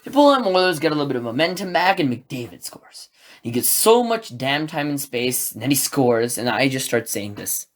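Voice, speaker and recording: A man hosting a solo sports podcast, recapping a game in an excitable, rambling way and acting out his own reactions. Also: mid-range voice, normal speed. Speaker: podcast host.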